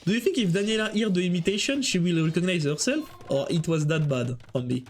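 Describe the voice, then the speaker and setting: A man giving live esports commentary, excitable and joking as he jumps between calling the play and chatting with viewers. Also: high voice, fast, faint music behind. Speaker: esports caster.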